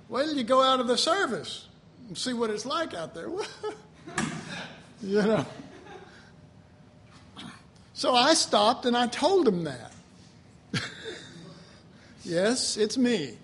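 A man preaching a sermon in an animated way, laughing often and bursting into loud shouts. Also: very high-pitched, takes it slowly, long pauses, a little hiss or hum.

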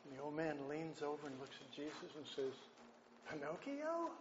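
A man preaching a sermon, folksy and unhurried, often clearing his throat. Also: fairly high pitch, little pitch movement. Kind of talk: sermon with an opening joke. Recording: dull lo-fi sound with faint background noise.

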